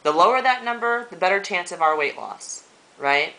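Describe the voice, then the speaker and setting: Earnest woman vlogger, bright and lively. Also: lowish voice, poor audio. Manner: earnest, halting, with many fillers. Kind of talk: emotional personal vlog talk.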